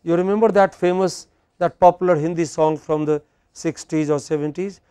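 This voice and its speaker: Brief: middle-aged Indian English lecturer, higher male voice, dry close sound, drills and quizzes the class. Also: steady tone, moderate pace, dark tone, clean tone, no echo. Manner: quizzing students, repeating words for drill. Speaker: English pronunciation teacher.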